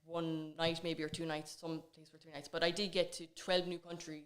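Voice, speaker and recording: A woman's voice: low voice, flat delivery, normal speed. A woman chatting as a podcast guest, telling stories in a loose, rambling way with many fillers. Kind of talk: casual chat.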